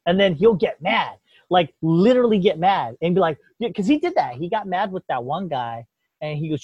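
A man's voice: high voice, lively intonation, moderate pace, a little mellow, slightly rough, dry recording. A man in casual political chat, ranting with lots of swearing and mock voices. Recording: dull lo-fi dry sound.

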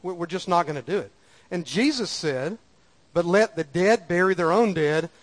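A man's voice: high-pitched, expressive, moderate pace. A man preaching a sermon in a folksy, conversational way, repeating lines for emphasis. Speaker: pastor.

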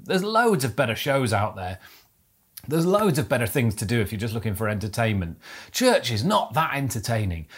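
A man's voice: medium pitch, husky. A man preaching a sermon to his church, earnest and exhorting, building up to emphatic peaks. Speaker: pastor.

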